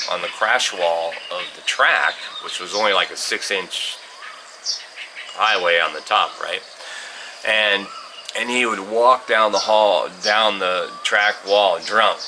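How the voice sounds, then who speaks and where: A middle-aged man from California spins a loose, rambling tale, full of fillers and small chuckles. His voice sits very low. He is recorded outdoors on a farm, with birds and crickets clearly heard behind him. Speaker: vlogger telling stories. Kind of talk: casual storytelling. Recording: outdoor insect and bird noise.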